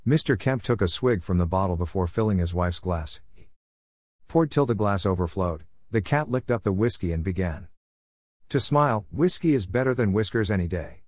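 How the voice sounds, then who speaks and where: A man reading a story aloud in a steady, wry narrating manner. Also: low-pitched, moderate pace, dry recording, clean studio sound.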